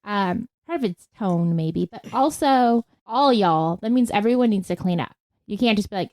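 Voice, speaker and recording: A woman's voice: medium pitch, animated, moderate pace, darkish tone, no echo. A woman co-hosting a podcast, chatting casually, laughing easily and thinking aloud. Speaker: podcast co-host. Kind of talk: casual chat.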